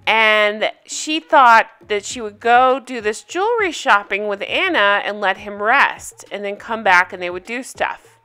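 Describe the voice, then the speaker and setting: A woman's voice: mid-range voice, lively intonation, measured pace, sharp tone, smooth. A woman hosting a casual TV recap video, talking bluntly and emphatically and swearing freely. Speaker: reality TV recap host.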